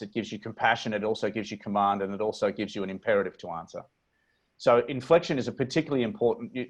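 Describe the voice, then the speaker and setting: A man with an Australian accent coaching a webinar on speech over a video call, talking in a measured, deliberate way and demonstrating inflections. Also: lowish voice. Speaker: presentation coach. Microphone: computer mic on a video call.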